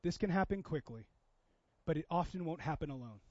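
Pastor, man, thirties, high tenor, chatty sermon delivery, dry and slightly dull recording. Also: animated, brisk, darkish tone, dry recording. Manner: conversational preaching, acts out quoted voices.

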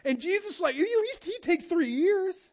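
A man preaching a casual, animated sermon, acting out quotes in different voices. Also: very high-pitched, unhurried, muffled recording. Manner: animated, acts out quotes with shifting voice. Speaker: pastor.

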